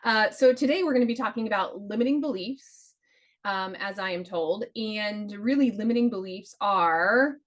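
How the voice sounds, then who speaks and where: A woman co-hosting a podcast, chatting casually in a playful, teasing way. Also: medium pitch. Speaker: podcast co-host. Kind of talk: casual chat.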